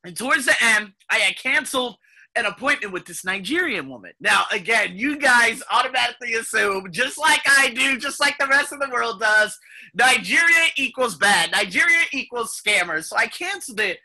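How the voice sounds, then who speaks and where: A man hosting an English-learning podcast, telling stories in a rambling, profane and animated way. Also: very high-pitched, normal speed. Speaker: ESL podcast host. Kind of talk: casual storytelling monologue.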